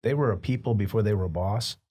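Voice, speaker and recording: A man hosting a podcast, giving reflective, measured advice in conversation. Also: fairly low pitch, mellow, breathy edge. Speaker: podcast host.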